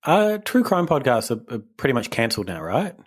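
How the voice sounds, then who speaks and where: A man's voice: mid-range voice, sing-song, fairly quick, breathy edge. A young man, co-hosting a podcast, rambling and self-deprecating in casual chat. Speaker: podcast co-host.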